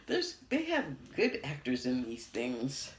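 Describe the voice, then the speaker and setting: A woman's voice: extremely low pitch, huge pitch swings, takes it slowly. An American woman giving a casual TV review, rambling and laughing often. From United States. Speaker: TV critic. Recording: roomy echo.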